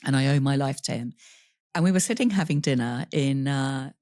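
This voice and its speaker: Woman telling her story on a podcast, candid, laughs through the rough bits, dry close sound. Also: extremely low pitch, fairly quick, a little mellow, no room sound. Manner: voices other people in quoted dialogue. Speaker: podcast guest. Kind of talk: personal storytelling in an interview.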